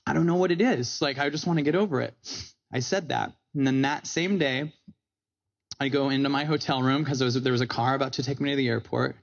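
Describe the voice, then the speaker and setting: A man giving a motivational talk with comic asides on stage, animated and acting out quotes in different voices. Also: mid-range voice, brisk, vocal fry, highs cut off. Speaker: speaker. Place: stage before a live audience.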